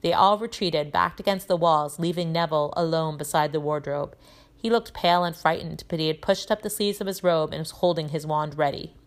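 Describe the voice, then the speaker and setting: Lady teacher reading a kids' book aloud, lowish voice, lively storytelling. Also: fairly quick. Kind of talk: reading a children's novel aloud.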